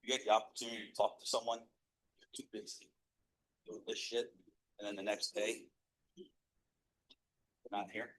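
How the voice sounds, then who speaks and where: American guy teaching a class, blunt and earnest, swears a bit, goes loud then quiet, middle-aged. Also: lowish voice, flat delivery, moderate pace, pauses often, low-quality recording. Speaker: positive psychology professor. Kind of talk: motivational lecture to students.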